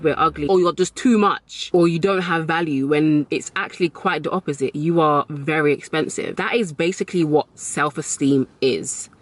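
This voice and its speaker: A young woman giving dating advice in a casual vlog, emphatic and repeating key lines for effect. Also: sits low. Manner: storytelling with animated retold dialogue.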